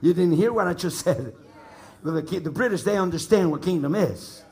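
Emphatic American preacher, lively pitch. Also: male voice, brisk. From United States. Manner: emphatic, repeats lines for the congregation to echo, builds to shouts. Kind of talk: sermon with call-and-response. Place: church service before a congregation.

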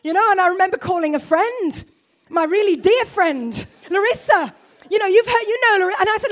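A woman's voice: very high-pitched, expressive, fairly quick. A woman preacher giving a sermon, telling a story about herself with self-mocking humor.

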